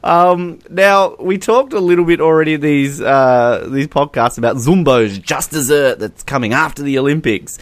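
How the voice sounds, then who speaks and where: A man's voice: a little high, moderate pace, hardly any pauses, dry recording. A man in his late twenties co-hosting a podcast, telling stories in a jokey way and laughing often. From Australia. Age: late 20s. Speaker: podcast co-host. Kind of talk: casual chat.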